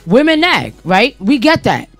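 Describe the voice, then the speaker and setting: A woman's voice: a little high, huge pitch swings, measured pace, no echo, faint music behind. A woman on a live radio talk panel, arguing her point emphatically, repeating herself and cutting off interruptions. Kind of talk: heated live radio debate.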